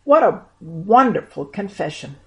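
A woman reading a Bible story aloud to children in an earnest, expressive way. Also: medium pitch, unhurried, highs cut off.

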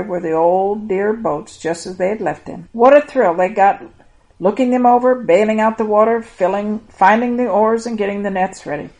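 A woman hosting a children's program, reading a Bible story aloud in a gentle, expressive way and speaking directly to the young listeners. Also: mid-range voice, low-quality recording. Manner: gentle, expressive reading with an affectionate sign-off to kids.

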